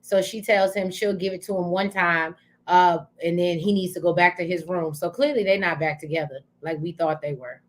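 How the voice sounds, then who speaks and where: A woman's voice: lowish voice, fairly even intonation, moderate pace. Chatty woman co-hosting a recap show. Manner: chatty, thinks aloud with many "um"s. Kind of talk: casual recap chat.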